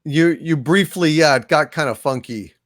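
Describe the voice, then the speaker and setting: A man's voice: a little high, moderate pace, a bit bright, no echo. A man co-hosting a live stream over a remote call, adding short, dry interjections. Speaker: co-host. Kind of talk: casual live-stream chat.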